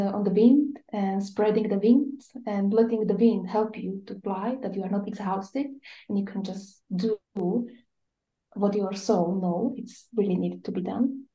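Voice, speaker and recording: A woman speaking as an in a casual spiritual discussion, hesitant and full of uhs. Her voice is gravelly and mellow, with a flat, even pitch. She sounds like she is in an echoey room on a call. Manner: hesitant, with many uhs and non-native phrasing.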